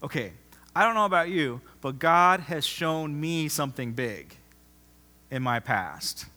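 Bright-voiced guy preaching a sermon, punchy, loud then quiet, big reverby hall. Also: fairly high pitch, expressive, unhurried. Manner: emphatic, repeats phrases and restarts, swings loud then soft. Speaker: pastor. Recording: long reverb of a large hall.

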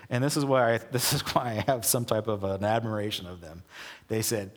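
A man preaching a casual sermon as pastor, telling the story in an animated way and acting out the people in it. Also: on the low side, brisk, breathy edge. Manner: animated storytelling, acts out quoted voices. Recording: long hall reverb.

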